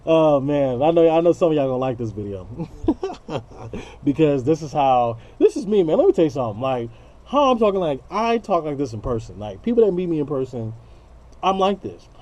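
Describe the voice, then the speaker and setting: A man's voice: a little high, sing-song, a little fast, darkish tone, lo-fi sound. A man ranting straight to camera in an unscripted vlog, blunt, profane and slangy, preaching about love. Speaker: vlogger.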